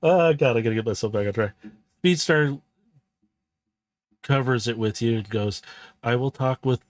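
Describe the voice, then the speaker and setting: A man's voice: mid-range voice, lively intonation, normal speed, no room sound. A man narrating a tabletop role-play game as game master, casual and rambling with frequent restarts. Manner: casual, rambling, self-correcting.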